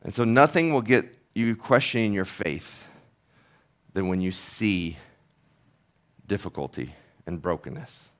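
A man's voice: on the low side, unhurried, long pauses. A man who is a pastor, preaching a sermon in an earnest, conversational, storytelling manner.

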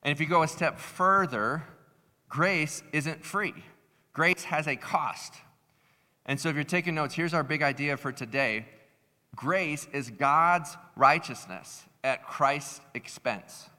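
A man preaching a sermon as pastor, lively and conversational, acting out the people in his stories. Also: a little high, takes it slowly, big-room sound. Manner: animated, acts out voices in stories. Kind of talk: sermon with a told story.

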